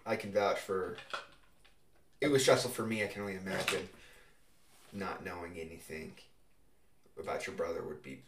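A young man with a very low voice hosts a relaxed chat, feeling his way through his questions with ums and restarts. He sits well back from the microphone, and the room adds a noticeable echo. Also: normal speed, pauses often, slight background noise. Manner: relaxed, with frequent fillers and hesitant questions. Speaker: host. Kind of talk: casual interview chat. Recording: roomy echo, voice far from mic.

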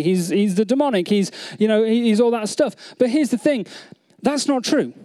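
High-voiced man preaching a sermon. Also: darkish tone. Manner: earnest, many restarts, repeats phrases, asks the audience questions. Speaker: pastor.

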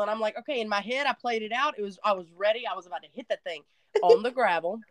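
Animated woman telling a story. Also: mid-range voice, fast talker. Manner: animated storyteller, drawling, self-mocking. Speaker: podcast co-host. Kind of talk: casual chat.

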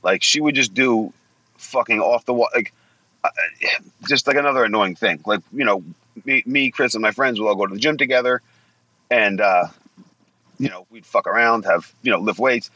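A man in his forties, speaking as a guest, tells stories in a blunt, profane, casual style, swearing a lot and acting out quotes. His medium-pitched voice is sharp, moving at normal speed with long pauses. There's no room sound, and the highs are cut off.

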